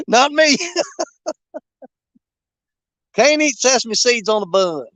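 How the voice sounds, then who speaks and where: A man's voice: extremely high pitch, lively intonation, slow, a bit bright, no room sound. An older man hosting a fishing live stream outdoors, joking with his viewers and laughing often in casual, rambling chat. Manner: jokey and rambling, laughs a lot. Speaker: fishing channel host. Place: outdoors at a creek.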